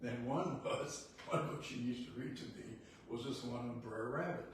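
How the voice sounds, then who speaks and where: A man's voice: medium pitch, moderate pace. An older man giving a blunt, folksy motivational talk, laughing often as he tells stories. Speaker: real estate CEO giving a talk. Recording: echoey room, distant mic, faint noise.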